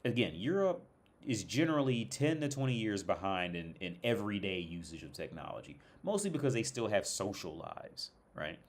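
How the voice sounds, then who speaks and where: A man's voice: lowish voice, big pitch swings, normal speed. A young American man tells a rambling, profane story in a casual rant, full of restarts and exasperation. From United States. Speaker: streamer.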